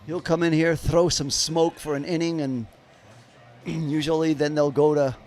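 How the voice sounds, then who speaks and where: A man's voice: fairly high pitch, little pitch movement, unhurried, a little mellow. A man giving live play-by-play of a baseball game on a stream, chatting in rambling asides with viewers. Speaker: livestream baseball commentator.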